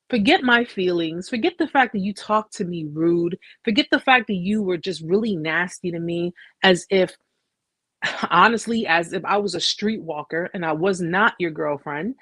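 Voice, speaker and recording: Brief: woman host, husky and dry, emphatic storyteller who keeps repeating herself. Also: medium pitch, lively intonation, measured pace, fairly bright tone, no echo. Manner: emphatic, repeats phrases, asks "okay?". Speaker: host sharing a survivor story. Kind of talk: emotional personal storytelling.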